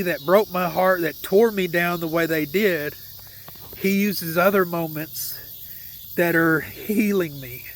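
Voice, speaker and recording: Earnest high-voiced man, slow storytelling. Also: fairly bright tone, a little hiss or hum. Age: adult with a young son. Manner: earnest, heartfelt, emotional. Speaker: vlogger sharing a faith testimony. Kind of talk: personal storytelling.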